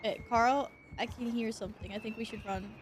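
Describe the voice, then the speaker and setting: A woman streamer giving live commentary on a horror game, excitable, swearing and shrieking with laughter when chased. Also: on the high side, fairly quick, slight background noise.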